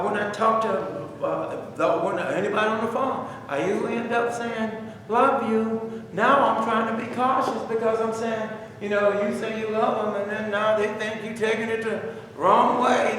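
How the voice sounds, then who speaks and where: Brief: high-pitched male Bible study teacher, exhorting, distant mic, echoey hall. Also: fairly bright tone, a little hiss or hum. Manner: conversational, repetitive, exhorting. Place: church room. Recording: echoey church room heard from afar.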